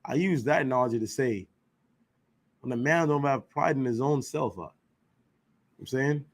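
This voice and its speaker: A man leads an informal scripture class in a loose, slangy way. He presses his points with rhetorical questions and keeps checking that his listeners follow him. His voice sits in an ordinary middle pitch. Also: moderate pace. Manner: emphatic, rhetorical questions, slangy, keeps asking "you know what I'm saying". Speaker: class teacher.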